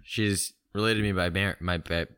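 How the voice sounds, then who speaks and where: A young man co-hosts a comedy podcast, running a text game and rambling through the text adventure with lots of ums and trailing-off "anyways" in casual comedic banter. His voice is deep and steady, at a moderate pace, with a fairly bright, clear and resonant tone.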